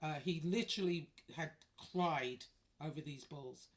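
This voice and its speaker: A woman's voice: low-pitched, unhurried. A woman telling a personal story in a chatty, wry way, swearing freely. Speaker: vlogger. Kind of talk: casual storytelling.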